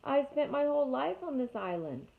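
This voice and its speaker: A woman voicing a calm, polite female robot who speaks slowly and plainly, read from a storybook. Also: high-pitched, vocal fry, voice pushed up, heavily acted. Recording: tinny phone-like audio.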